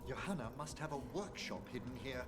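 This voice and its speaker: An actor playing a calm, scholarly male mage companion in a fantasy game, explaining things in a measured way. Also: medium pitch, a crowd in the background, close to an everyday voice.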